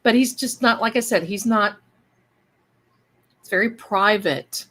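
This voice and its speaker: A woman's voice: medium pitch, a little slow, fairly bright tone. A woman hosting a casual livestream, chatting and rambling to her viewers. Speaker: live-stream host.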